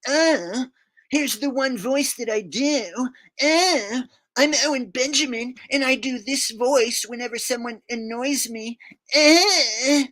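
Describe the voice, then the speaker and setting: A man's voice: very high-pitched, takes it slowly, sharp tone, pitched above the performer's own voice, exaggerated voice. A man mocking a dopey, whiny male comedian, drawling and stalling on long "uh"s.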